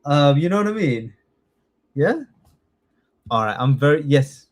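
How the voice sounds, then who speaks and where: Slightly high and sing-song, his voice moves at a measured pace as he teaches a live online citizenship test class. The man, from the United Kingdom, quizzes students in a chatty, encouraging style and checks in frequently by asking "yeah?".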